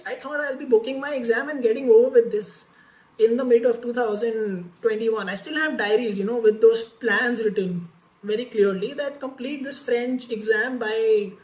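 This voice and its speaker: Candid woman vlogger in an echoey room. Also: fairly high pitch. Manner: candid, animated, many fillers and restarts. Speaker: French-learning vlogger. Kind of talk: casual personal storytelling to camera.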